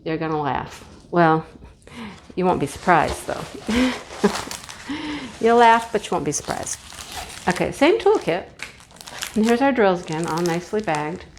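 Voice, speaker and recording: A woman's voice: fairly low pitch, expressive, a little slow, long pauses, a little hiss or hum. A middle-aged woman vlogger chatting casually and gushing with giggles as she unboxes a craft kit.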